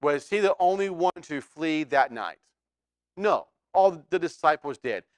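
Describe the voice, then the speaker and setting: A man's voice: on the high side, expressive, a little slow, no room sound. A man preaching a sermon as pastor, talking conversationally and asking the congregation questions.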